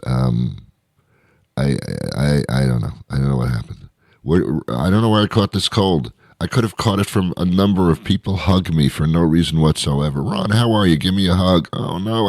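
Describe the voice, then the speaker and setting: A man hosting a radio show with a comic, rambling, self-mocking monologue, his voice hoarse and stuffy from a cold. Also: very deep voice, darkish tone, no room sound. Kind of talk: comedic monologue.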